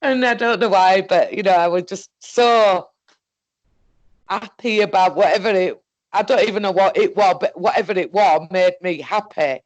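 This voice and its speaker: A woman with a Northern English accent telling a story in a casual, halting, rambling way, swearing often. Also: mid-range voice, no room sound, muffled recording. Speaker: guest recounting an experience.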